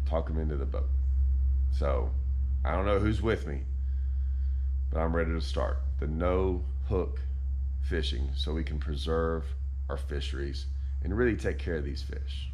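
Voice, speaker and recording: A man hosting a fishing channel, ranting in deadpan, mock-outraged irony and repeating himself. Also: lowish voice, slight background noise. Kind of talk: sarcastic vlog rant.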